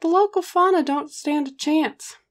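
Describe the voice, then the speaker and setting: A woman's voice: sits high, moderate pace, voice pushed up, close to an everyday voice. A woman voicing an eager, stubborn young male camp owner in a story reading, insistent. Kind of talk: audiobook character reading.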